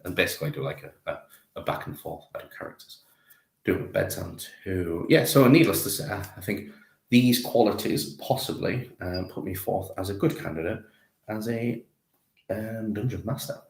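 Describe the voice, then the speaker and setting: A man's voice: lowish voice, expressive, normal speed, creaky. A man streaming live as he paints miniatures, rambling and self-deprecating as he chats with viewers. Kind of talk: casual live-stream chat. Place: home conservatory. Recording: echoey room.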